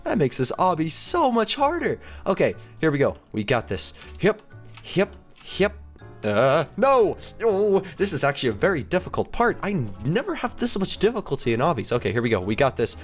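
An excitable, jokey man giving let's-play commentary on a game as its host, gasping and squealing as he plays, over faint background music. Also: fairly high pitch, moderate pace. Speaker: gaming video host.

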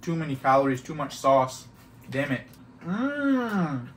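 A young man from Toronto, co-hosting a casual mukbang, teasing and excitable, often talking while chewing. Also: on the high side, a little slow. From Toronto, Canada. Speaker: co-host. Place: indoors, sitting on the floor.

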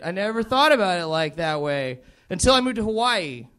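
A man's voice: sits high, very animated, normal speed, pushed and bright. A young man from the American South doing a profane, rambling stand-up set and laughing at his own jokes. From Southern United States. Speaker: stand-up comedian.

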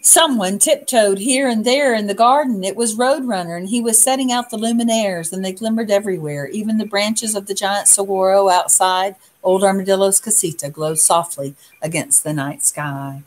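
Casting: woman storyteller, gentle picture-book read-aloud, average pitch. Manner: soft, unhurried, pausing to point at pictures.

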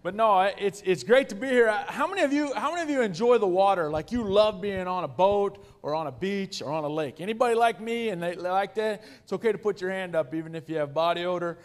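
Guest speaker, male, 40s, high voice; animated self-deprecating storyteller working a church audience. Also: fast, few pauses. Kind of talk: humorous storytelling to a congregation.

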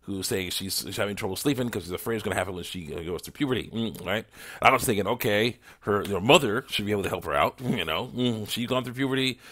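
A man's voice: lowish voice, quick pace, sharp tone. A man hosting an online ministry talk, rambling casually through chat messages, chuckling often, with many fillers.

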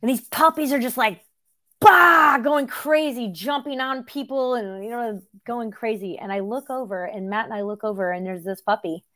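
Woman host, middle-aged, somewhat high voice, animated, laughing storyteller. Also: normal speed. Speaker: podcast host. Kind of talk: casual conversation.

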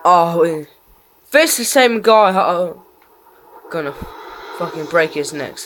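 A man commentating his own gameplay, raging, swearing and yelling at opponents. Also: a little high, animated, takes it slowly, long pauses, a little hiss or hum. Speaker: gaming channel host.

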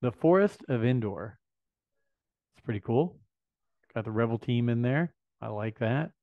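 Expressive and unhurried, a fifty-something man's medium-pitched voice guides a relaxed unboxing video as he eagerly thinks aloud. It's a dry, slightly dull lo-fi recording from this vlog host.

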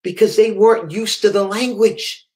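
A man's voice: high-pitched, fairly even intonation, normal speed. Fervent man preaching a sermon. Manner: impassioned storytelling, swings between hushed and raised; reads viewer comments aloud live.

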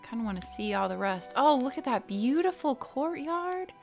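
A woman giving chatty, excitable commentary while playing a video game. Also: sits high, moderate pace, gravelly, faint music behind. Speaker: let's play gamer. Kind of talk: casual gameplay commentary.

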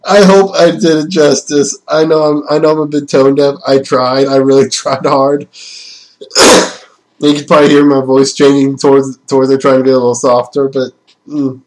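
A man's voice: mid-range voice, little pitch movement, moderate pace, poor audio. A man giving casual gaming commentary in a chatty, rambling way, often laughing at himself. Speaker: let's play gamer.

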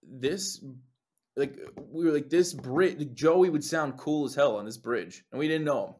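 A young singer from New Jersey, appearing as a guest, tells stories in casual conversation with a fairly high-pitched voice at a measured pace. He's animated, swears often, and acts out what other people said.

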